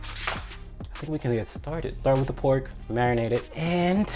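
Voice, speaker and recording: A man's voice: medium pitch, moderate pace, mellow, faint music behind. A man hosting a casual cooking vlog in his home kitchen, chatty and talking to himself as he works, a bit out of breath. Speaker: cooking channel host.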